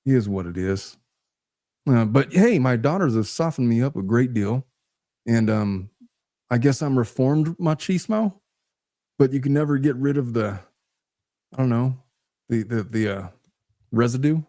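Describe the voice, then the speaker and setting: Male lawyer guest, 40s, mellow and dry-voiced, blunt wry chatter. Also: mid-range voice, expressive, measured pace, pauses often, no echo. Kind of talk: casual chat.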